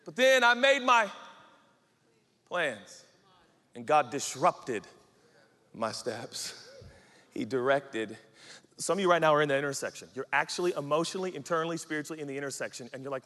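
A man from the Pacific Northwest preaching a sermon, animated, acting out quotes and swinging between shouts and hushed lines. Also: on the high side, normal speed, pauses often. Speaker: pastor. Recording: reverberant hall.

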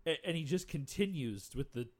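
A man's voice: on the high side, animated, normal speed, darkish tone. A man co-hosting a podcast, wryly narrating the film's scenes and laughing a lot. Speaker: podcast co-host. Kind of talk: casual movie commentary chat.

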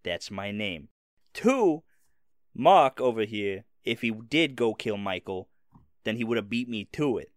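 A man's voice: lowish voice, big pitch swings, unhurried, dry recording, studio quality. A man voicing a blunt, impatient young woman suspect in a tabletop game, with curt, sassy put-downs. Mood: defensive.

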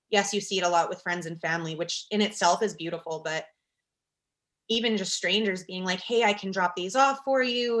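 A young woman telling a warm story in casual chat, full of "like" and "you know". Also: fairly low pitch. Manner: chatty, fillers like "like" and "you know".

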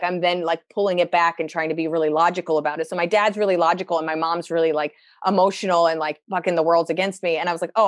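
A woman's voice: fairly low pitch, no echo. Young woman comic chatting, lots of likes and you knows, dead dry mic. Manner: chatty, lots of fillers, animated quoted asides. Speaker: stand-up comedian, guest. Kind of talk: casual conversational storytelling.

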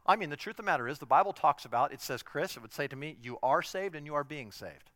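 Male pastor, high bright voice, dry close sound, emphatic sermon delivery that swings loud and soft. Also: expressive, quick pace, no echo. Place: church in Southern California.

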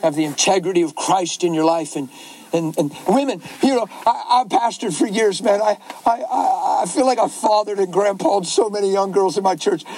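Middle-aged guy preaching, husky kinda high voice, folksy and fired up. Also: moderate pace, rough recording. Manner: animated, folksy preaching with asides to the crowd. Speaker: pastor. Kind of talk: sermon.

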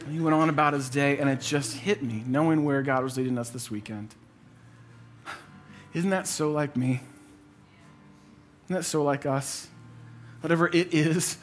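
A man's voice: on the high side, slight background noise. A man in his thirties preaching to a church congregation, telling a personal family story in an earnest, conversational way. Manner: earnest and conversational, acting out quotes. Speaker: pastor.

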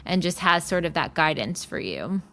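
A woman's voice: fairly low pitch, big pitch swings, normal speed, sharp tone. A woman hosting a casual chat, prompting her guest to tell a story.

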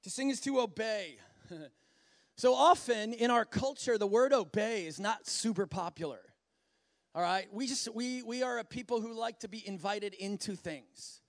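A man preaching a sermon in an animated way, often acting out voices and laughing. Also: high voice, moderate pace, no echo, clean studio sound.

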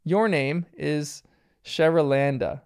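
Man voicing a smug teasing cartoon dad, dry joker, smooth tone. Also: fairly high pitch, slow pace.

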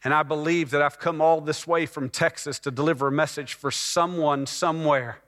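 A man preaching a personal testimony as a sermon, telling his story with hushed moments that build to loud, emphatic passages. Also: on the high side, fairly even intonation, normal speed. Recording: long hall reverb.

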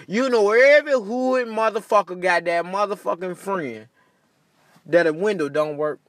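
A man doing a profane, animated comedic rant, laughing at his own jokes. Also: sits high, normal speed, no room sound, studio quality. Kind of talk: stand-up style comedic rant.

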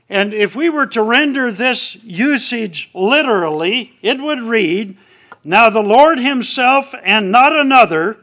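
A man teaching a Bible class, reading scripture aloud slowly and swinging between emphatic lines and hushed ones. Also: sits high.

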